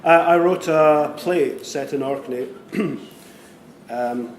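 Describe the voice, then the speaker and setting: A man, a writer, answering questions at a university event, talking hesitantly with pauses. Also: on the high side. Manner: hesitant, with many fillers and restarts. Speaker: guest writer. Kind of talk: literary conversation at a public event. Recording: echoey room with faint noise.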